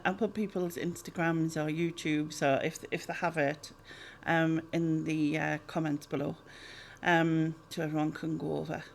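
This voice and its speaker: A chatty woman answers viewer questions in a relaxed vlog. Her voice sits a little low, and she rambles along with plenty of ums and quick laughs. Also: gravelly. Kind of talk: casual Q&A vlog.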